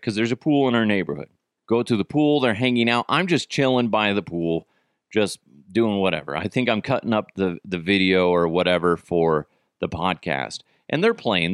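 A man hosting a podcast, telling a story in a casual, profane, animated way, with many restarts and wry jokes. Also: mid-range voice, no echo, clean studio sound. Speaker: podcast host.

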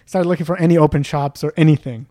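A man telling a story among friends in a lively, up-and-down voice, pitched slightly high for a man. He swears freely and acts out the lines of the people in his tale. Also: fast. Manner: animated, swearing, acts out quotes. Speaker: storyteller guest. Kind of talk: casual storytelling chat.

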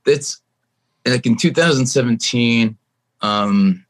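A man guest on a podcast, talking casually and telling stories about his young son. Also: takes it slowly. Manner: animated storyteller, jumps to a high voice quoting his son. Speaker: guest musician.

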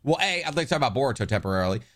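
Animated swearing man ranting. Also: mid-range voice, rapid-fire. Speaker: podcast co-host. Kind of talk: casual chat.

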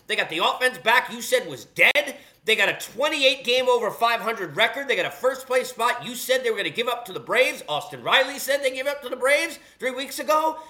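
Male host, combative opinion monologue, bright, forceful delivery. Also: extremely high pitch. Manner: blunt, sarcastic, combative. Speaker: podcast host. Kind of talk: opinionated sports rant.

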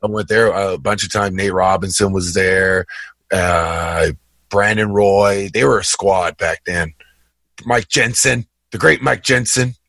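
A man in his thirties with a fairly low voice, trading stories on a podcast in a relaxed, slangy way. He sounds dry and close to the mic. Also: measured pace, creaky, no echo. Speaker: podcast co-host, former college basketball player. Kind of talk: casual chat.

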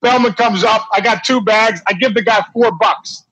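High-voiced husky middle-aged man storyteller. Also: moderate pace, no room sound, poor audio. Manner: animated, laughing anecdote teller with many restarts. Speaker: former ballplayer guest. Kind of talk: casual storytelling.

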